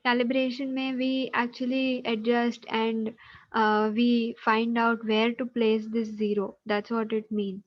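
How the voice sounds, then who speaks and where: A woman's voice: on the high side, little pitch movement, unhurried, dull audio. A woman teacher with an Indian English accent, patiently explaining geometry in an online class and checking in with the students often. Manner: patient, explanatory, checks understanding with tag questions.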